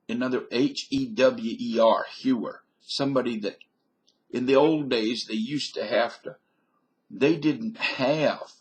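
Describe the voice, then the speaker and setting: A man's voice: mid-range voice, breathy edge. A man from British Columbia giving a folksy, digressive comic monologue into a webcam, with mock-learned asides. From British Columbia, Canada.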